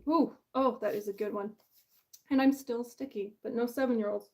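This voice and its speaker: A bubbly woman with a fairly high voice chats casually on a livestream while hosting her book launch. She is chatty and pokes fun at herself, and she laughs often. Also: fairly even intonation, normal speed. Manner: bubbly, chatty, self-deprecating.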